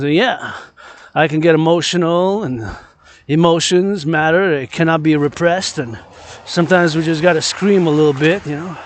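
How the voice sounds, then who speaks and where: Man from Quebec, vlogging outdoors on a phone; slightly high voice, rambling and preachy, repeats himself. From Quebec, Canada. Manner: repetitive, impassioned, preachy. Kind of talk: rambling outdoor vlog monologue. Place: outdoors, moving around a city.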